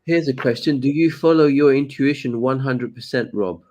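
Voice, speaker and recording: A man's voice: mid-range voice, normal speed, warm tone. A man hosting a casual conversation, using friendly slang while wrapping up. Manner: friendly slang, thanking guest. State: coughing. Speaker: host.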